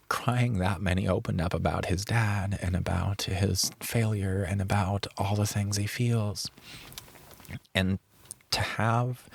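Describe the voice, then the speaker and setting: A deep-voiced man with a gravelly fry tells a personal story on his podcast. He speaks earnestly and reflectively, stretching out the words that matter. The sound is dry and close. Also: no echo. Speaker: podcast host.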